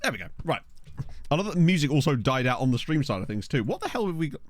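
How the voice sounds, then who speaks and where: A young male streamer chats casually and jokingly during a gaming livestream, often laughing and sometimes talking with his mouth full. His voice is a little high with big pitch swings and a fast pace. The desk-mic recording has no echo.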